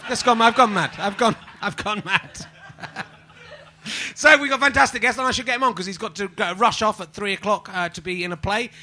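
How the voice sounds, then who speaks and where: A man in his forties hosting a live comedy podcast, rambling and self-mocking, prone to sudden shouting. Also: high-pitched, a little fast, a little hiss or hum. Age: 40s. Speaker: podcast host. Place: live venue with audience.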